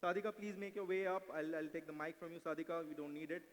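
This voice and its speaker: Guy doing card tricks on stage, high quick voice, big echoey hall. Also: little pitch movement. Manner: brisk and playful, mixing English with Hindi, coaxing volunteers. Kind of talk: live stage mentalism act with audience volunteers. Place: large event hall. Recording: live hall recording with long reverb.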